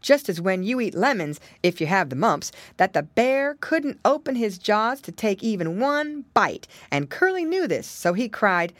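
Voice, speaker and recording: Brief: woman narrator for a children's audiobook, lively sing-song delivery, dry close sound. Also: mid-range voice, unhurried, hardly any pauses, no echo. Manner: expressive, sing-song storytelling. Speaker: audiobook reader.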